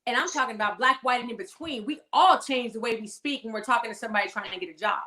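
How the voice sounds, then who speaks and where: A woman with a Californian accent, a guest in a casual conversation, talking in an animated, emphatic way and laughing often. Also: on the high side, fast. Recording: echoey room.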